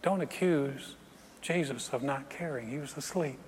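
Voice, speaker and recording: A man's voice: medium pitch, moderate pace, slight background noise. A middle-aged man preaching a sermon, acting out scenes and joking with the congregation. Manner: animated, acts out scenes, jokes with congregation. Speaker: pastor. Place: church sanctuary. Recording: reverberant hall with faint ambience.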